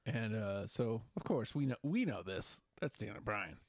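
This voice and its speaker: A man's voice: on the low side, sing-song, moderate pace, dry recording, studio quality. A man co-hosting a casual wrestling podcast, recapping matches and quoting wrestlers in voices. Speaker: podcast co-host.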